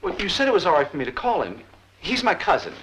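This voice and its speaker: A man's voice: sits high, wildly swooping pitch, fast, a bit bright, slight background noise, exaggerated voice, rough recording. An actor playing a nervous, apologetic male aide in a film drama, stammering as he answers his boss. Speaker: personal aide.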